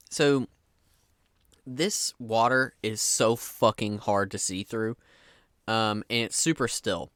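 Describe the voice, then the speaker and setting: A man's voice: mid-range voice, a bit bright, dry recording, studio quality. A man running a tabletop game as game master, narrating in a casual manner with the odd swear word.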